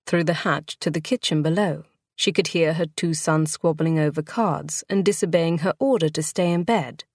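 Low-voiced woman narrating an audiobook. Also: no room sound, clean studio sound. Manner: measured, expressive storytelling. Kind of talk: scripted narration.

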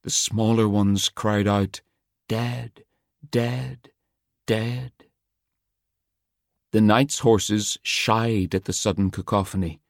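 A man narrating an audiobook in a measured, dramatic storytelling manner. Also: on the low side, flat delivery, no echo, clean studio sound. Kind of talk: scripted narration.

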